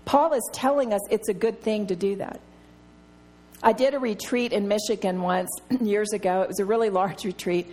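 A woman's voice: mid-range voice, moderate pace, darkish tone. A middle-aged woman teaching a Bible study, telling personal stories and laughing often.

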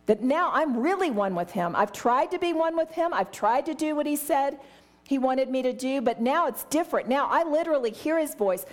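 A woman's voice: sits high, animated, moderate pace. A middle-aged woman teaching a Bible study with eager enthusiasm, acting out small scenes as she explains. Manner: enthusiastic, exclamatory; acts out little scenes with voices.

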